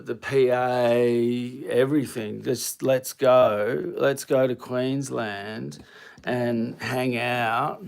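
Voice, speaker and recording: A man's voice: mid-range voice, gravelly. A man hosting a casual live stream, rambling and playful, often breaking off mid-sentence. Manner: rambling, self-interrupting, playful. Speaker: livestream host.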